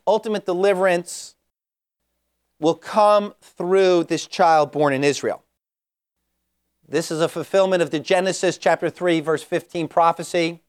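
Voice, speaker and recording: A man gives an expository Bible teaching in a slightly higher-than-usual voice. He reads scripture passages aloud and explains them step by step in an explanatory manner. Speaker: preacher.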